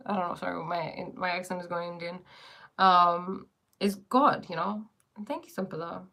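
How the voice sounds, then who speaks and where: A woman's voice: fairly low pitch, steady tone, normal speed, sharp tone. A woman teaching spiritual ideas in a casual live stream, playful and often laughing as she answers viewers.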